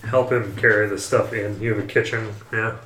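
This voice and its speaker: Low-voiced man playing a tabletop game. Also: flat delivery, normal speed, bright, forceful tone. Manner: casual, thinking aloud. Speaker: player. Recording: echoey room with faint noise.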